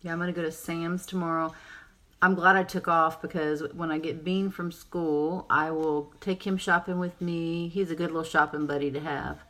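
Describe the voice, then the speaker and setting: Chatty woman with a low voice, rambling through a live makeup demo. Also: little pitch movement, normal speed, fairly bright tone. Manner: chatty, rambling, answers viewer comments. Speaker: makeup seller and presenter. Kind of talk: casual live makeup tutorial.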